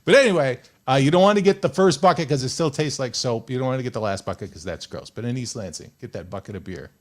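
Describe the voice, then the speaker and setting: A young man with a mid-range voice talks fast while hosting a radio show, chatting casually and spinning jokey stories. He's an animated, joking storyteller recorded on a studio microphone.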